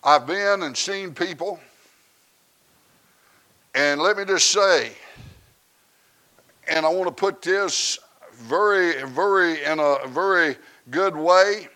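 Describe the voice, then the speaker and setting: A man, preaching a sermon that swings from quiet asides to loud shouted preaching. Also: sits high.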